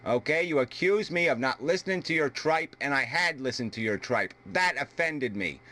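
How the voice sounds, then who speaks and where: A man's voice: fairly high pitch, expressive, moderate pace, bright, forceful tone. Profane, ranting American man. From United States. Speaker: video debater. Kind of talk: heated argument.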